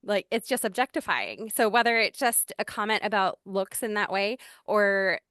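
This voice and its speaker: Chatty woman in her thirties, smooth voice. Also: mid-range voice, animated, normal speed, fairly bright tone, no room sound, studio quality. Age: 30s. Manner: chatty, with many "like" fillers. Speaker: panelist. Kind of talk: casual panel discussion.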